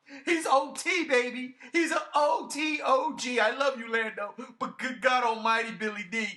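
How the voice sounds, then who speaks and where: Man, high voice, bright and sharp, animated rant, casual review chat. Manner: animated ranting with profanity.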